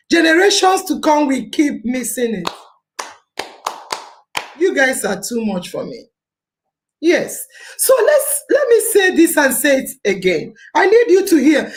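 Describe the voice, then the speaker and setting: A woman's voice: very high-pitched, echoey room, low-quality recording. A Nigerian woman hosting a podcast, giving an impassioned civic talk, repeating phrases for emphasis and slipping into Pidgin. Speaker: podcast host.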